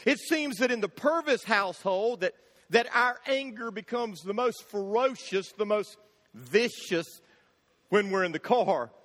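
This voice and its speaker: A man preaching a sermon, telling funny stories in an animated way and acting out the shouting in them. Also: sits high, a little slow. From Florida, USA. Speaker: pastor. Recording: long hall reverb.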